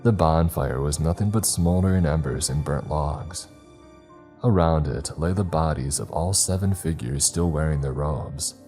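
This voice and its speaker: A man reading a first-person horror story in a steady, measured scripted narration. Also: very deep voice, faint music behind.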